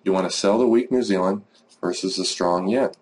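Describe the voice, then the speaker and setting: Over a screen recording, a man who teaches forex trading speaks in a deep, brisk, somewhat mellow voice. His delivery is relaxed and hands-on but wandering, peppered with "uh" and "you know."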